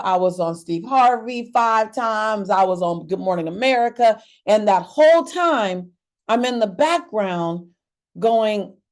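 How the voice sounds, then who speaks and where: A woman hosting a wellness webinar over a video call, talking to her audience in an expressive, preacher-like cadence that rises with emphasis. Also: a little high. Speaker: webinar host. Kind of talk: motivational webinar talk.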